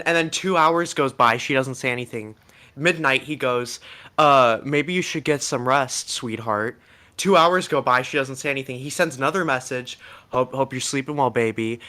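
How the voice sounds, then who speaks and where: A man's voice: fairly high pitch, bright, forceful tone. A man telling a long rambling story on a voice chat, tumbling over fillers and restarts and swearing freely. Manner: rapid rant, full of fillers and restarts, swearing. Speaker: guest on a stream call.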